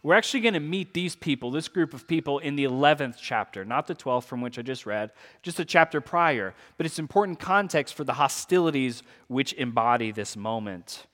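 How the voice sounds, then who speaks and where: A man preaching a sermon, reading scripture aloud and explaining it in an earnest, lively way with casual asides. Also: mid-range voice, fairly quick, few pauses. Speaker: pastor. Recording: long hall reverb.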